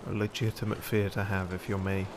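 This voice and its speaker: Male streamer, lowish voice, wry muttered gameplay commentary. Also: level tone, brisk, noisy background. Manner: wry, self-mocking muttering to himself. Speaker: game streamer.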